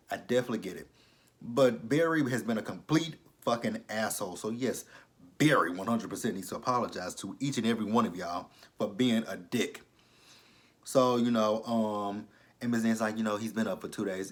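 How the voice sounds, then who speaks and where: A man's voice: lowish voice, fairly quick. A man giving a casual, blunt and profane recap of a TV episode, exasperated with the characters. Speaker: TV show reviewer.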